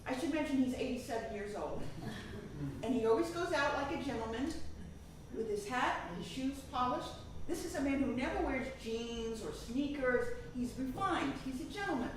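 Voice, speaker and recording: Brief: high-pitched woman comic, animated storyteller, echoey and distant on stage. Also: normal speed, slight background noise. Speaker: stand-up comedian. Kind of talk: stand-up storytelling.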